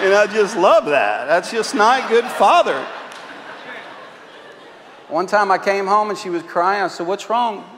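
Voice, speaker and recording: Telling self-mocking, funny stories from the pulpit, this male pastor jokes his way through a sermon. His voice sits high and is fairly bright, with lively intonation at a normal speed. There's slight background noise and a long hall reverb.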